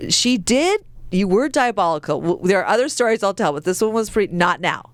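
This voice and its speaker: A middle-aged woman spins family stories with giggly, animated energy. Her voice leaps up and down constantly. The sound is dry and close. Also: mid-range voice, a little fast, no echo. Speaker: podcast co-host. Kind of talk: casual family chat.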